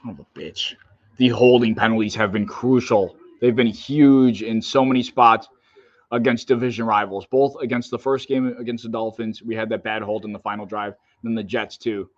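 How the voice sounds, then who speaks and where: A man's voice: on the low side, fairly even intonation, normal speed, dull audio. A man hosting a livestream, reacting live to a football game with exasperated, groaning fan outbursts.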